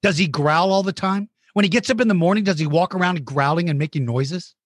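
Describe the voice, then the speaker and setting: A man's voice: high voice, brisk, no echo, clean studio sound. A man hosting a playful chat with a child about dinosaur battles, goofy and teasing with mock outrage. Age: adult. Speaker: host interviewing a child.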